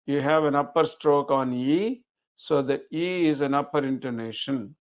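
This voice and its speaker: A man with a fairly high, gravelly voice explains chanting marks very slowly and patiently, one step at a time. The recording sounds dull and lo-fi. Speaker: chanting teacher. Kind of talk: recorded online chanting lesson.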